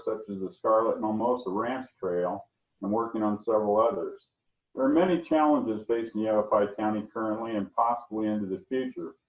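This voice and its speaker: An older man giving a formal, prepared campaign statement as a county supervisor candidate, with occasional fillers. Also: lowish voice. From Arizona. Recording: distant echoey phone-like line.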